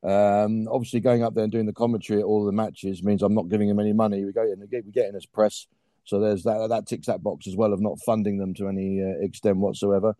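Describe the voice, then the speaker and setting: A man's voice: fairly low pitch, level tone, fast talker, mellow, no echo. A middle-aged man in a casual podcast chat, a football commentator who talks in long, wordy, drily ironic runs with plenty of fillers and puns.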